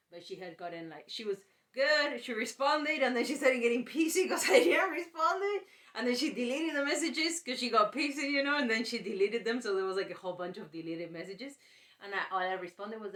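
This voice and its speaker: A woman with a fairly low voice tells a rambling story straight to her audience, jumping between her own words and the lines she quotes. She swears casually and keeps the tone of an unscripted vlog. The room around her sounds bare and echoey. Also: a bit bright. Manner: rambling retelling of a conversation, acting out the quotes, with swearing and laughter. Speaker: vlogger. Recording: roomy echo.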